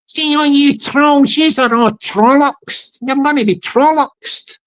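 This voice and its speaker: A jeering Scottish man, as a woman puts him on drags out each word in a slow, taunting drawl. The voice sits fairly high. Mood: mocking. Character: funny Scottish man heckling trolls.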